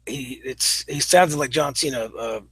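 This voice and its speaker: A man giving a casual spoken review of a comedy show, blunt and opinionated, halting often with "uh" fillers. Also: mid-range voice, a bit bright, husky, dry recording, low-quality recording. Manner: halting, full of pauses and "uh" fillers.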